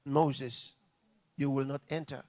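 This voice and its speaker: A man's voice: medium pitch, flat delivery, slow pace, dark tone, dry recording, voice pushed down. A man voicing God as a stern male judge giving a final verdict.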